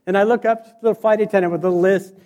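A man doing storytelling stand-up comedy, animated and acting out the people in his stories. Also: sits high, fast. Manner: animated, acts out voices and scenes. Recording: reverberant hall.

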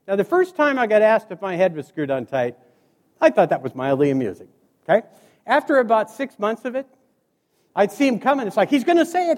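A man's voice: high-pitched, a little fast. A man giving a humorous motivational speech, acting out dialogue as he tells his stories. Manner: animated storyteller acting out dialogue. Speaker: keynote speaker. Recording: hall reverb.

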